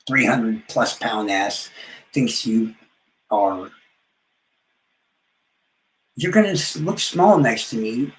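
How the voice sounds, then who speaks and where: A man's voice: medium pitch, roomy sound, a little hiss or hum, rough recording. A man trash-talking rivals on a live stream, boastful and profane, his words often trailing off into mumbles. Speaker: livestreamer.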